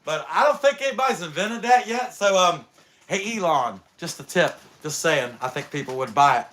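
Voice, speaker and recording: A man's voice: fairly high pitch, animated, normal speed, heavy background noise. A man hosting a woodcarving channel, rambling through a casual joking monologue full of wisecracks.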